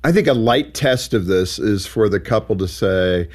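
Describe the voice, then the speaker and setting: A man hosting an interview show, chatty and quick to laugh as he frames questions for his guest. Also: lowish voice, lively intonation. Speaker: radio show host.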